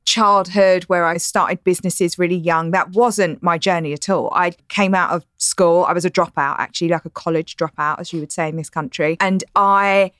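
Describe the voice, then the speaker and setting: Woman, 40s, softened East London accent, casual interview guest, lots of fillers, dry studio sound. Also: lowish voice, fairly even intonation, normal speed, hardly any pauses, no room sound. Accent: East London English, softened. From East London, England. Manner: candid, laughs easily, many fillers like "like" and "you know". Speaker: guest entrepreneur. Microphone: studio podcast mic.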